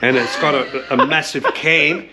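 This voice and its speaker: A man's voice: a little high, steady tone, unhurried, noisy background. A middle-aged man with an Australian accent, chatting casually about cars, swearing freely and often repeating himself. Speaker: car restorer showing his shed. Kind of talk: casual chat. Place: home shed.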